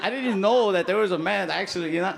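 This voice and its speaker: A young man performing a stand-up comedy set, telling stories in a deadpan way. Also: sits high, fast, gravelly. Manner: deadpan storytelling punctuated by crowd laughter. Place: comedy stage. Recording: loud audience noise behind the voice.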